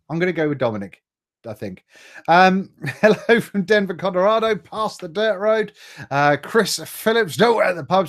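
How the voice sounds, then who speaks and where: A middle-aged man hosts a casual live stream, reading viewers' names and greetings aloud. Chatty and jokey, he stumbles over tricky names, and his voice is a little high for a man.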